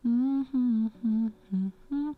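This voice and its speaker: A woman's voice: on the high side, drawn-out words, no room sound, phone-quality sound. A woman from the Ohio River Valley hosting a music livestream, chatting casually and rambling with restarts and fillers. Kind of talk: casual chat with stream viewers.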